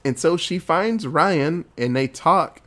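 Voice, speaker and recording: A man recaps a film plot in a loose, casual way, cursing often and keeping the story moving. His voice sits a little higher than most men's. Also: takes it slowly. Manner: profane, animated storytelling. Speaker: movie recapper.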